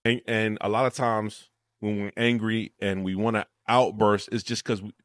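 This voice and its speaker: A man co-hosting a podcast, talking in a reflective, encouraging and steady way. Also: lowish voice, normal speed, no echo, studio quality. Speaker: podcast co-host. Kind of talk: casual chat.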